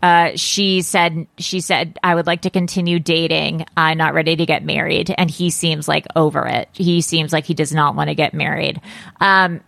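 A woman co-hosting a podcast, chatting casually about celebrity gossip and reacting with quick exclamations. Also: low-pitched, steady tone, gravelly, fairly bright tone, dry recording. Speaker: podcast co-host.

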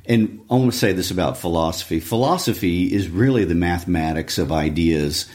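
A man co-hosting a show, reading a story aloud and discussing it in a measured, reflective way. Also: low voice, a little mellow. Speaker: co-host.

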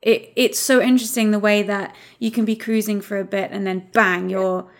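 A woman co-hosting a casual chat, speaking in a halting, reflective way with many pauses. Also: mid-range voice, flat delivery. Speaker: podcast co-host.

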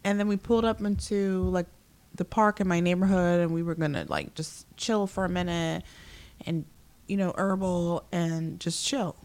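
A woman's voice: on the low side, normal speed, a little mellow. A woman co-hosting a casual chat among friends, telling a story in a blunt, profane way. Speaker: podcast co-host.

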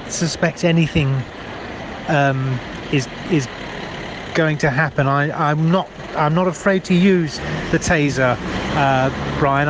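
A nervous, hesitant man , played by an actor, leaves a rambling phone message, talking very slowly and tripping over ums and restarts. Heavy street and traffic noise sits behind him in this comedy sketch. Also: fairly high pitch, close to an everyday voice. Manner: halting, full of ums and restarts.

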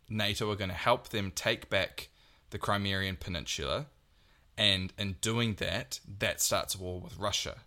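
Young guy cohosting a podcast, low voice, bright punchy tone, rambles earnestly. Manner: earnest, rambling with many restarts. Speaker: podcast co-host. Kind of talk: casual chat.

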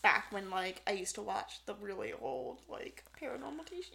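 A woman co-hosting a podcast in casual chat, retelling events in an animated way with lots of fillers. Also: mid-range voice, moderate pace, vocal fry, slight background noise. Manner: animated storyteller, lots of "like" and "so yeah". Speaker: podcast co-host. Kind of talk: casual chat recapping a show.

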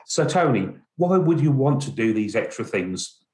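A man's voice: mid-range voice, normal speed. Laid-back man steering the chat. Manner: relaxed, plain-spoken, steers the topics. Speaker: podcast co-host, driver agency office manager. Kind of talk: casual chat.

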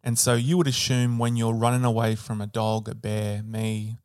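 Male podcast co-host with a mid-range voice, relaxed explainer, casual teaching chat. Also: fairly low pitch, moderate pace, clean tone. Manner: relaxed explainer, hedges on details. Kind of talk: educational physiology podcast chat.

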